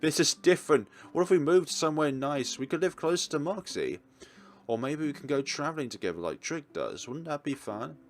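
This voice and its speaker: A man voicing a protective, tender young wolf who talks softly and reassuringly. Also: mid-range voice, big pitch swings, brisk, few pauses, slight background noise, voice pushed up. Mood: eager. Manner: soft, reassuring.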